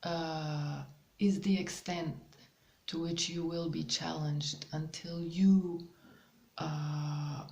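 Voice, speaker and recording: A woman hosts a spiritual guidance talk in an easygoing monologue, her voice pitched a little low with a gravelly edge. She speaks very slowly and hesitantly, filling the pauses with ums, and the room gives her voice a noticeable echo. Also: fairly even intonation. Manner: slow, hesitant, with many ums and soft laughs. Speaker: spiritual channel host.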